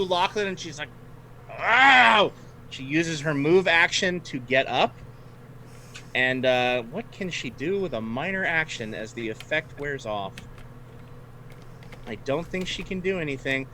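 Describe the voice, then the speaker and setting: A man's voice: fairly high pitch, lively intonation, unhurried, sharp tone, a little hiss or hum. A man running a tabletop game as game master, narrating turns in a friendly way and laughing often.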